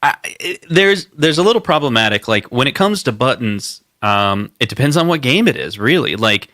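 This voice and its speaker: A man co-hosting a podcast, chatting casually with a halting, enthusiastic manner. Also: mid-range voice, lively intonation, bright, forceful tone, dry recording, studio quality. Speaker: podcast co-host. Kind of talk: casual chat.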